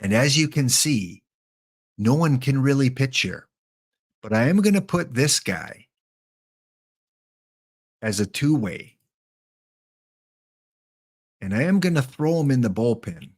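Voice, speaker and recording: A male streamer in the middle of a live game session, talking at an unhurried, drawn-out pace. His voice sits at an ordinary male pitch. He mulls over each choice out loud, repeats names under his breath, and turns now and then to chat with viewers. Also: big pitch swings, breathy edge. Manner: thinks aloud while picking cards, mutters names; chatty asides to chat viewers. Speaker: livestream host. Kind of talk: live gameplay commentary.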